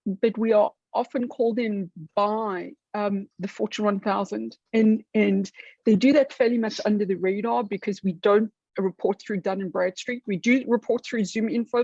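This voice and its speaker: A woman's voice: mid-range voice, warm tone, breathy edge, no room sound, dull audio. A woman with an older-style South African accent, chatting at a networking meeting on a video call and often repeating words as she starts. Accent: older British-style South African. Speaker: branding firm member.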